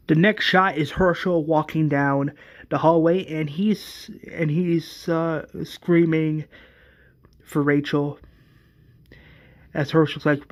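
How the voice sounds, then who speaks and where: A man narrating a story at a very slow, deliberate pace, stopping and restarting his phrases. His voice sits a little high for a man. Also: fairly even intonation. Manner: halting, repeats words while narrating. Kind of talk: retelling a fan series scene by scene.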